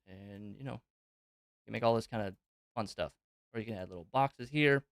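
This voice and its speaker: A man's voice: fairly low pitch, expressive, normal speed, long pauses, clean tone, no room sound, studio quality. A man hosting a live Q&A stream, explaining things on screen in a loose, conversational way with plenty of fillers. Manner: loose and conversational, thinking aloud with many fillers.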